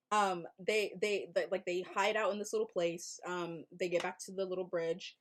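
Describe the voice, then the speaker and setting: A woman vlogger recapping a movie in casual chat, animated and laughing, with loud exaggerated outbursts. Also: mid-range voice, fairly quick, hardly any pauses.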